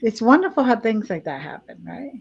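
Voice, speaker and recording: A woman hosting a casual interview, warmly encouraging her guest with frequent affirmations. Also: fairly high pitch, big pitch swings, a little fast, creaky, slightly rough, highs cut off. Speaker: talk show host.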